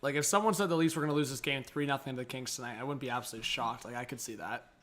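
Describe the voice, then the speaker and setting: A man's voice: mid-range voice, racing, fairly bright tone. Chatty man hosting a hockey stream. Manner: casual, chatty, reads chat messages aloud. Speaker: live-stream host. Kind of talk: live hockey reaction commentary.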